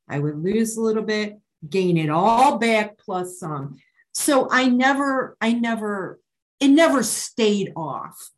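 Woman, middle-aged, slow-paced, halting with ums, candid personal testimony, support meeting, online call. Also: medium pitch, poor audio. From Maryland, USA. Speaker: speaker sharing her recovery story.

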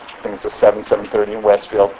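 In a meeting room, a middle-aged man at a recovery meeting tells his story in a fairly low, dark voice, racing along with completely flat delivery. His candid share rambles with many restarts, and the low-quality recording carries slight background noise.

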